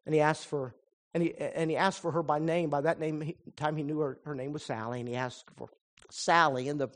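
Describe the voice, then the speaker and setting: Animated storytelling preacher, slightly high voice. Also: male voice, brisk. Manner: animated storyteller who acts out quoted voices; drops to a soft, earnest tone for the application. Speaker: pastor. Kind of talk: sermon storytelling.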